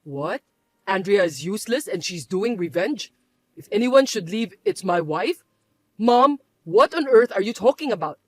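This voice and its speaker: A woman voicing a calm, level-headed grown son who speaks patiently and quietly. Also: normal speed, dry recording, lightly acted. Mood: puzzled. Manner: calm, patient, lower and softer.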